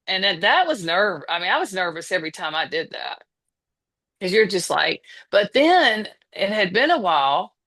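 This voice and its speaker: A woman's voice: medium pitch, very animated, moderate pace, a bit bright. A woman in her fifties with a Southern American accent, talking as a podcast guest in a hesitant way, full of restarts and fillers. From Southern United States. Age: 50s. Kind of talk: casual conversation.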